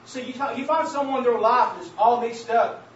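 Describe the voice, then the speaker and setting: A man preaching a sermon and sharing his testimony, calling out to the congregation as saints of God and building to emphatic shouts. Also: extremely high pitch, normal speed. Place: church hall. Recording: very echoey, distant, dull church recording with faint hiss.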